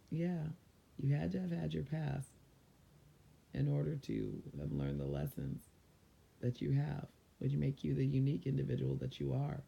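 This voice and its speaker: A man's voice: mid-range voice, sing-song, moderate pace, creaky, long pauses, breathy edge, dull audio. A man from San Diego giving casual motivational advice to viewers in a loose, conversational way. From San Diego, California. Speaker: mindfulness vlogger.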